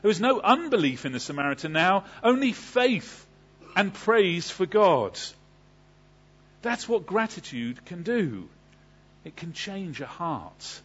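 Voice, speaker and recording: A man's voice: high voice, very animated, slow pace, slightly rough, lo-fi sound. A man preaching a sermon. He asks the congregation questions and then answers them. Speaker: pastor.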